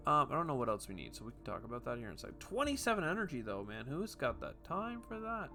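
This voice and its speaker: A man talks his way through a strategy game in a loose, chatty commentary, tossing off jokey asides to himself. His voice is bright and forceful, and faint game music runs under it. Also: mid-range voice, huge pitch swings, fast talker, few pauses. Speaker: gaming video host. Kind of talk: casual gameplay commentary.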